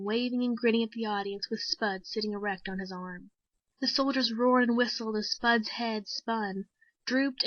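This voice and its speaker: A woman reads a short story aloud in a measured, steady storytelling voice, pitched somewhat high. The recording is dry and close, with a slightly dull, lo-fi sound. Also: dry recording. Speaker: story reader. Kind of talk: scripted narration.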